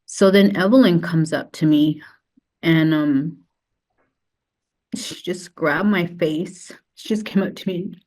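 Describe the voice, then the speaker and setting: A woman telling her own story as a podcast guest, halting and tearful, often restarting her sentences. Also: low-pitched, darkish tone. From United States. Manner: halting, with many restarts and fillers. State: tearful, close to crying. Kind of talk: emotional personal testimony.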